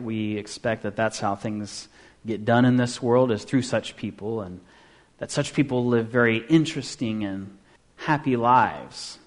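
Man preaching a conversational sermon. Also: medium pitch. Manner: conversational preaching, rhetorical questions, drops to quiet asides. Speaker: pastor.

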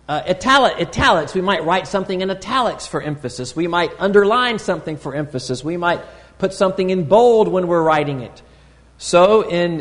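Measured preacher in a reverberant hall. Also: male voice, fairly high pitch. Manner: deliberate, teaching tone with pauses and fillers. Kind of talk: sermon.

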